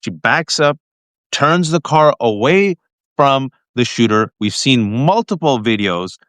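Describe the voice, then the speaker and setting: A man's voice: medium pitch, expressive, slow pace, fairly bright tone, dry recording. A man hosting a live-stream political talk show, telling events in an urgent, earnest way. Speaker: host. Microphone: phone mic.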